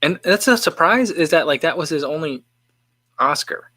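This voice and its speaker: Bright-voiced man rambling casually. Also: a little high, lively intonation, moderate pace, dry recording. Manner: musing and rambling, with frequent self-interrupting restarts. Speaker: livestream host. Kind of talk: casual chat, reading viewer comments.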